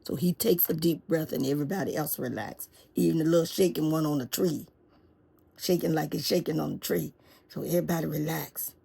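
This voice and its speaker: A woman's voice: sits low, fairly quick, gravelly, husky. A woman hosting her show, telling a comic story in a folksy manner, speaking straight to her listeners. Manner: animated, folksy, talks to listeners directly. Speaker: show host. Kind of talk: comedic storytelling.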